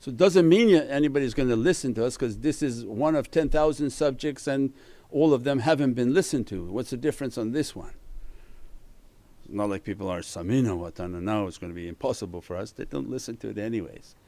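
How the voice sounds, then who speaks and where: A man's voice: medium pitch, brisk, mellow, no room sound. Man, religious teacher, earnest sermon, dry close sound. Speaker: spiritual teacher. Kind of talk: religious talk.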